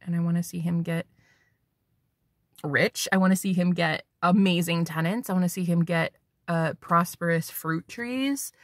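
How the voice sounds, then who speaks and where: A woman's voice: lowish voice, normal speed, no room sound, clean studio sound. A woman psychic medium giving a spiritual tarot reading, talking bluntly and preachily and swearing for emphasis.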